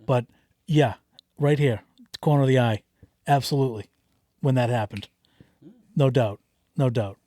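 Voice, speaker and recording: A man hosting a casual chat, asking prodding questions and telling stories in an animated way. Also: medium pitch, unhurried, long pauses, no room sound, studio quality. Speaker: host.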